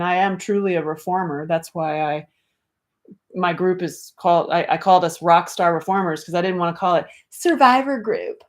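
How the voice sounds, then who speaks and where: On a casual livestream, a middle-aged woman addresses her viewers directly in a slightly low voice. She's animated and blunt, swearing freely while reading comments aloud.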